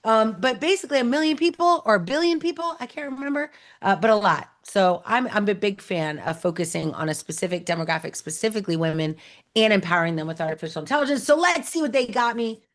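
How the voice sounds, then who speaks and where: A woman hosting a show, chatting casually and bubbling over as she unboxes gifts, full of quick asides. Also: medium pitch, expressive. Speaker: host.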